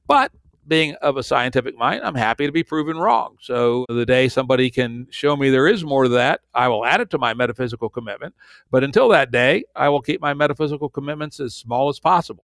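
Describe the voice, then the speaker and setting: A man's voice: mid-range voice, fairly quick, a bit bright, dry recording. An older man hosting a podcast, arguing his views in a blunt, wry, conversational way. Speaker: podcast host. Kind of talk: casual conversational interview.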